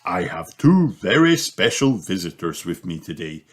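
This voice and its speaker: A man reading a storybook aloud and voicing a jolly, clumsy father pig who talks slowly and chuckles. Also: sits low, big pitch swings, full character voice. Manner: slow, chuckling and easygoing. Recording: noisy home recording with clicks.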